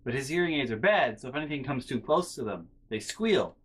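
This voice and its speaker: A young man vlogging, telling a casual, rambling story full of restarts and quiet muttered asides. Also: medium pitch, lively intonation, fairly quick, husky. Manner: rambling, self-interrupting with fillers and restarts.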